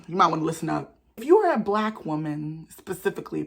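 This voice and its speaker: A young woman, telling stories to camera in a casual vlog in an animated, sassy way. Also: slightly rough. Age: young adult. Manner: animated, sassy, talks fast with sudden jumps in pitch. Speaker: vlogger.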